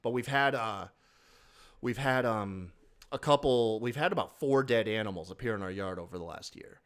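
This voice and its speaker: A man's voice: lowish voice, moderate pace, clean tone. A man hosting a podcast, telling a story in a casual, profane, rambling way. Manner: profane, animated, breaks into laughs. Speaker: podcast host.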